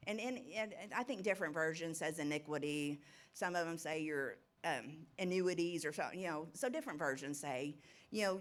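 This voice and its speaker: A woman's voice: lowish voice, moderate pace. A middle-aged woman giving an informal, rambling testimony talk at a recovery ministry, nervous and laughing often.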